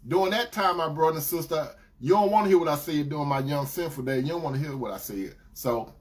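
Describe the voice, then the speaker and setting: A man preaching to his listeners, telling a personal story with animated re-enacted dialogue and direct asides to them. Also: on the high side, fast. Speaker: preacher and host of a talk stream. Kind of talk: dramatic personal storytelling to a congregation.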